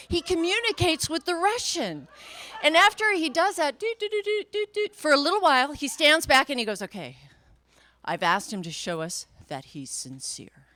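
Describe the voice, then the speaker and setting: A woman spins a playful tall tale for a live crowd, her pitch sweeping widely as she builds each moment. Her voice sits a little high, and she drops in hummed and beeped sound effects along the way. The delivery is animated and theatrical throughout. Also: normal speed, no echo. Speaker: storyteller and emcee.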